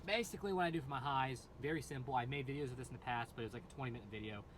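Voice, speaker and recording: Speaking rapid-fire in a medium, somewhat bright voice, a metal singer gives a casual lesson on his screaming technique, rambling with lots of fillers and false starts. Slight background noise is audible.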